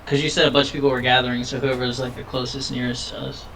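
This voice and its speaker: Cheeky, brash male player with a bright, sharp tone and a faint hiss behind him. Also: mid-range voice, flat delivery, quick pace, creaky, low-quality recording. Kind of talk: casual tabletop play.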